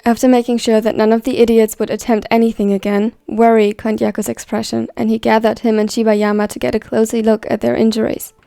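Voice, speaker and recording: Gravelly woman reading a story, flat delivery. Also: on the high side, brisk, few pauses, dry recording, clean studio sound, faint music behind. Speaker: fan fiction reader. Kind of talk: scripted story narration.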